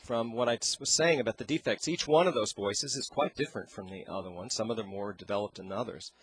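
A man teaching singing as an interview guest, talking in a halting way and searching for his words into a handheld microphone. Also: lowish voice. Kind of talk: explaining with sung demonstrations.

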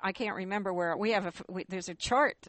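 A woman hosting a radio talk show, putting questions to her guests in a halting way with restarts. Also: mid-range voice, fairly bright tone. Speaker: radio host.

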